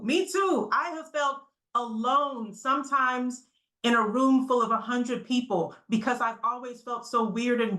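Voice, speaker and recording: A woman giving an energetic, interactive conference talk to students over a video call, often checking in with "right?". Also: fairly high pitch, echoey room, rough recording. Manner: energetic, quizzes the audience, frequent "right?" tags. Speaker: motivational speaker.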